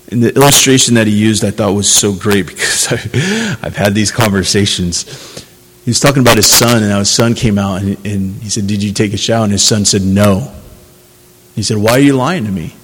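A man's voice: lowish voice, slightly rough, big-room sound, poor audio. A man preaching a sermon, earnest and conversational, building to emphatic passages. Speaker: pastor.

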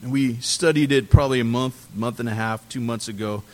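A man preaching a sermon, animated, swinging between loud emphasis and quiet drops on key words. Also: mid-range voice, brisk. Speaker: pastor.

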